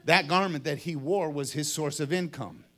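A middle-aged man preaching a sermon, telling a story dramatically and acting out the voices and shouts of its people. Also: fairly high pitch, moderate pace.

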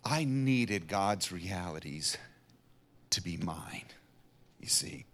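A middle-aged man earnestly telling a personal faith testimony in an interview, dropping to a hush and then rising to emphatic passages. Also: low voice, animated, slow pace. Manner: earnest storyteller, swings from hushed to emphatic. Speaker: guest sharing a personal testimony.

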